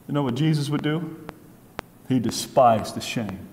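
A man preaching a sermon, emphatic, acting out what people say with sharp rises and drops. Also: fairly high pitch, animated, normal speed. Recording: faint noise, long hall reverb.

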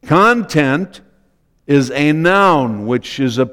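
A man preaching a sermon as pastor, slow and deliberate, repeating key phrases for emphasis. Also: sits high, animated, smooth, long reverb tail.

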